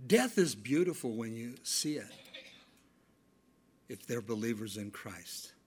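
A middle-aged male pastor preaching a sermon, telling stories and swinging between loud emphatic lines and hushed ones. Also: medium pitch, expressive, measured pace, husky.

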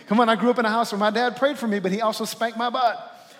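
High-voiced preacher in a reverberant hall. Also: male voice, flat delivery, fast talker, a bit bright. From Louisiana. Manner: preacherly, calls out to the congregation. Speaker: pastor. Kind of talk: sermon. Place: church sanctuary.

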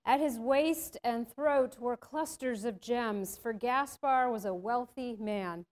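Woman reading a story aloud. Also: on the high side. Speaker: narrator.

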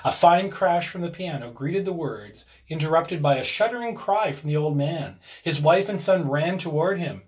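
A man reading a classic ghost story aloud with expressive, varied delivery. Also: a little high, normal speed, few pauses. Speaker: reader.

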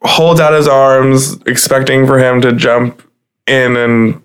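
A man's voice: medium pitch, steady tone, slow. A man playing a tabletop game, describing his character's actions loosely with many fillers. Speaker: player. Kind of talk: casual play at a tabletop game.

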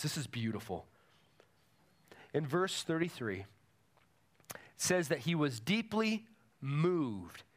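A man's voice: on the high side, a bit bright. A man preaching a sermon to a congregation in a church, emphatic and repeating his key phrases. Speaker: pastor.

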